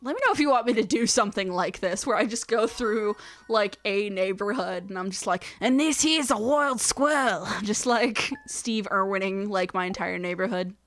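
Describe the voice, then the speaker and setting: A woman's voice: mid-range voice, normal speed, few pauses, a bit bright. A young woman hosting a let's play, rambling casually as she plays, counting aloud and drifting into whispered asides. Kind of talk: casual gameplay commentary.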